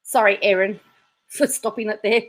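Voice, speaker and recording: A woman's voice: medium pitch, fairly even intonation, normal speed. A woman hosting a vlog, chatting casually and reacting to clips with laughs. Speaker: vlog host. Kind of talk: casual commentary.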